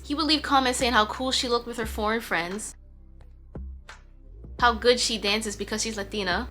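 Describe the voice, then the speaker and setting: A young woman hosting a casual storytime, chatty and joking, with quick asides and laughs. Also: on the high side, sharp tone. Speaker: storytime host.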